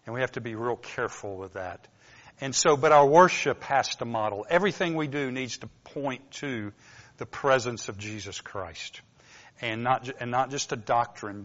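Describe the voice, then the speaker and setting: A man with a North Georgia accent preaching a relaxed, conversational sermon with folksy asides. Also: on the low side. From Southern US. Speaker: pastor. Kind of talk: informal sermon. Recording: dull lo-fi sound with long hall reverb.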